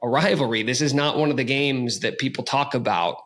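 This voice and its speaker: A man hosting a casual sports podcast, talking in an energetic, joking way. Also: mid-range voice, brisk. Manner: energetic, hyped, jokey. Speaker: podcast host.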